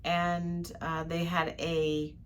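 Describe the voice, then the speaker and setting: With a deep, level voice and a very slow delivery, an older woman talks through her day from a ship cabin while co-hosting a travel vlog. There's slight background noise as she chats casually, telling detailed stories and laughing a lot.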